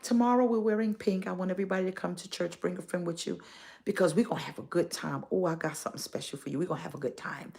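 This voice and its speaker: A woman's voice: sits low, vocal fry, darkish tone. A woman pastor, giving playful, exhorting church announcements on a phone live stream and dropping into whispers now and then.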